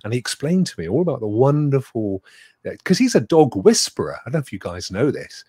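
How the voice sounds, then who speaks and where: A man's voice: medium pitch, big pitch swings, fairly quick, warm tone, slightly rough, no echo, studio quality. A man from England with a West Country accent, hosting a casual live-stream chat and greeting viewers in a playful, chatty way. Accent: West Country English. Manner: chatty, playful, does funny voices. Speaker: host.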